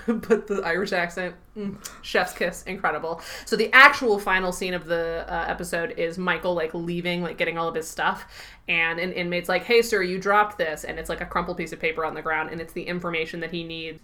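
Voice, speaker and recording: A woman co-hosting a podcast, recapping a TV episode in casual chat, animated, laughing often and swearing easily. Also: fairly low pitch.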